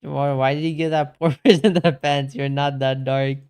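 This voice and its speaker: A man's voice: medium pitch, flat delivery, normal speed, a little mellow, smooth. A man streaming casually, chatting slangily and calling everyone bro while answering his chat.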